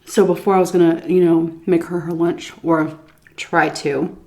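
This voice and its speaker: An animated woman vlogger eats while she tells a story, switching between lively telling and muttered asides. She swears casually, and her voice sits on the low side. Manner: pauses for chewing and stomach noises while talking. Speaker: food vlogger. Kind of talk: story time while eating on camera.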